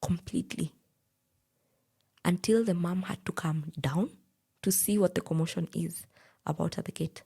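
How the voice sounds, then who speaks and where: A woman's voice: lowish voice, normal speed, vocal fry, long pauses, husky. A young woman with a Kenyan accent, animatedly telling her own story and quoting the people in it. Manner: animated, quotes others in dialogue. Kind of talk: personal storytelling.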